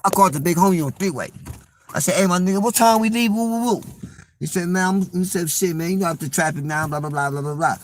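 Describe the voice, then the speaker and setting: A man's voice: high-pitched, fast talker, slight background noise. A young man telling a personal story in casual slang, acting out the voices of the people he quotes.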